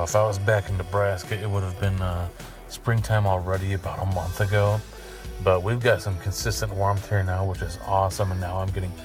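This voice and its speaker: A man hosting a podcast, rambling through a crude, jokey monologue and swearing freely. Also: low voice. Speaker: podcast host.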